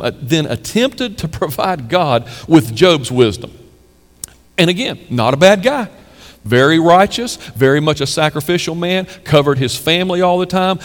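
A male pastor preaches in a church, his fairly high voice rising to forceful peaks and dropping low on key words. Rhetorical questions keep the congregation engaged. A long reverb of the large hall trails each phrase. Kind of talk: sermon.

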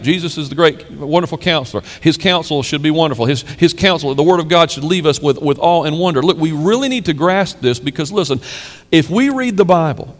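A man's voice: a little high, a little fast, big-room sound. A man preaching a sermon as pastor, building to emphatic peaks and asking rhetorical questions of the congregation.

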